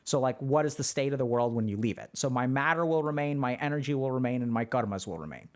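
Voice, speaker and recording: A man's voice: medium pitch, animated, fast. A man on a livestream, answering chat questions in a loose, chatty way full of fillers. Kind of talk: casual livestream talk.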